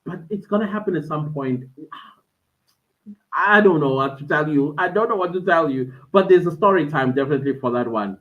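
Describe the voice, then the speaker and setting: Fairly quick and animated, this woman's low voice carries a South African accent as she hosts a casual indoor live stream in a friend's den at home. She talks excitedly to her audience and reads chat comments aloud, and the audio is tinny like a phone.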